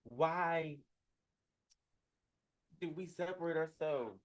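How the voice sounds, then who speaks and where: A man in a casual group conversation, talking in a halting, reflective way and often restarting his thoughts. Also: on the high side, low-quality recording. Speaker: performer, podcast co-host.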